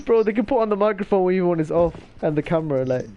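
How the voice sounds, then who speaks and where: Joking young man, higher voice. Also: expressive, quick pace, warm tone. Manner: joking, swearing, laughing often. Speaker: podcast co-host. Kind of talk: casual chat. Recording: faint background noise.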